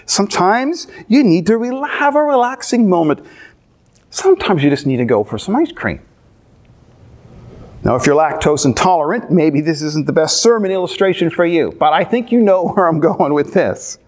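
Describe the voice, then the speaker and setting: A middle-aged man delivers a sermon as a pastor, weaving animated stories and playful asides. His voice sits a little higher than most men's.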